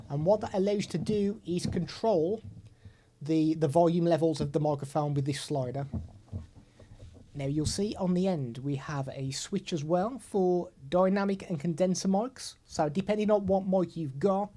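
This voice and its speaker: Chatty tech vlogger, mellow tone, desk mic. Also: male voice, on the high side. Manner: chatty, hands-on explaining. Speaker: tech reviewer. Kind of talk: product demo vlog. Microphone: desktop USB/XLR microphone.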